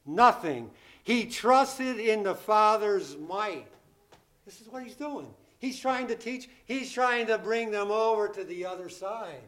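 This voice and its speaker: Slow, high-voiced man preaching a sermon. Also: expressive, a bit bright. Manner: emphatic, repeats key phrases, asks the congregation questions; acts out the disciples' panicked pleas in a raised voice.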